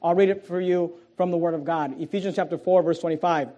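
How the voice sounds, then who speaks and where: A pastor delivering a sermon in a notably high voice for a man. He stumbles and repeats words, then drops low and quiet before rising into loud, emphatic lines. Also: steady tone, fast talker, dull audio. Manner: emphatic preaching with frequent repeated words and restarts; swings between soft low asides and loud raised emphasis.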